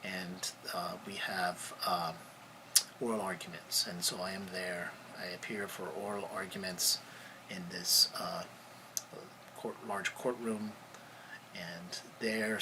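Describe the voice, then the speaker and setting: A man, a lawyer hosting a podcast, telling a story in a halting, conversational way, often searching for words. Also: on the low side, noisy background.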